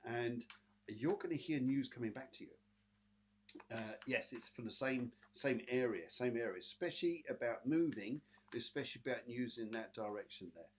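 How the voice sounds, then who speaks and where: Talking at normal speed in a mid-range voice, a British psychic medium hosts a live online show, with a little hiss or hum in the recording. He is chatty, calls viewers by name and gives readings thick with fillers.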